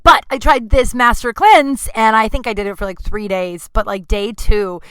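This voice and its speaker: A woman's voice: fairly high pitch, moderate pace, a bit bright, clear, resonant tone, dry recording. A woman in her thirties hosting a podcast from her apartment, rambling through casual stories with lots of fillers and asides. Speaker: podcast host. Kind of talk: casual storytelling. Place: home apartment.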